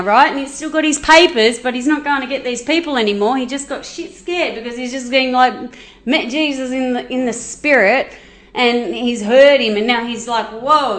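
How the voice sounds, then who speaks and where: A woman retells a Bible story in a chatty, animated way, full of asides and quick restarts. Her voice is high. The room around her is noticeably echoey. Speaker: Bible teacher.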